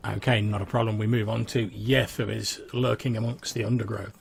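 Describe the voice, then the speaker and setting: A man narrating a tabletop role-playing session as game master, describing the action in a measured way. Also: lowish voice, flat delivery, vocal fry.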